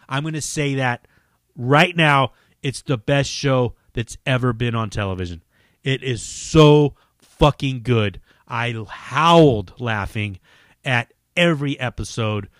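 A man hosts his own podcast solo, talking casually in a rambling, enthusiastic, heavily profane way. His mid-range voice is a bit bright and comes at a measured pace, captured on a dry, studio-quality recording.

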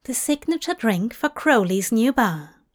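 A woman voicing a gentle, courteous man mixing drinks, in a storybook reading. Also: on the high side, lively intonation, unhurried. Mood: pleased. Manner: courteous, mild. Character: gentle, fussy, pleased male angel bartender.

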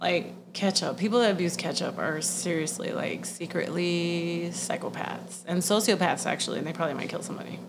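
A woman's voice: fairly low pitch, brisk, vocal fry, hardly any pauses, background noise. A woman co-hosting a casual podcast, blunt and profane, a little congested, telling stories animatedly. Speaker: podcast co-host.

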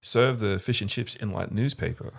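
Brief: jokey male co-host with a very low, gravelly voice. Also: moderate pace. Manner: playful, jokey banter. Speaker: podcast co-host. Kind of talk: casual podcast chat.

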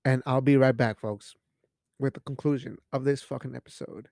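Beer in hand, a podcast host rambles and jokes on his own casual show, swearing often and slipping in Spanish phrases. His medium-pitched voice is gravelly and darkish, with a steady tone and moderate pace, recorded as clean studio sound with no room sound.

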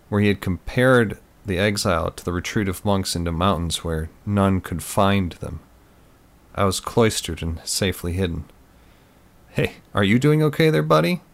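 A man narrating a first-person thriller story in a steady, measured reading voice. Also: low-pitched. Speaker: audiobook narrator.

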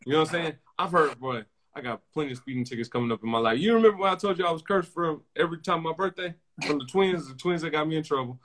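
Animated young man telling stories. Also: fairly high pitch, fast. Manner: animated storytelling, slangy, repeats phrases. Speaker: podcast host. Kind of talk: casual podcast chat.

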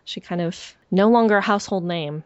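A woman with a somewhat low voice co-hosts a podcast in easy, casual chat. She talks thoughtfully, often pausing on fillers. The recording is dry with no room sound and a slightly dull, lo-fi tone. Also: clean tone, no echo. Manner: thoughtful, hesitant with many fillers, laughs easily. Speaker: podcast co-host.

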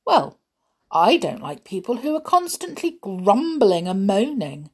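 A woman's voice: mid-range voice, very animated, a little slow, a little mellow, husky, heavily acted. A woman reading aloud, voicing a stern male wizard who threatens to punish bad manners.

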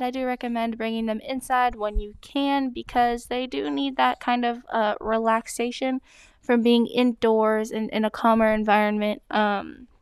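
A woman hosts a casual question-and-answer vlog, talking in a chatty way with plenty of hesitant fillers. Her voice sits a little high and sounds exceptionally clear and smooth. The recording is dry, with no room echo. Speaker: dog blogger answering breed questions.

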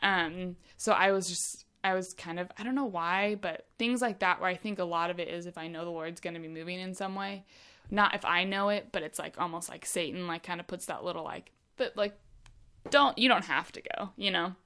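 Young woman, casual chat, chatty, lots of fillers, fairly low pitch. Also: a little fast, smooth. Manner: chatty, many fillers, animated retelling.

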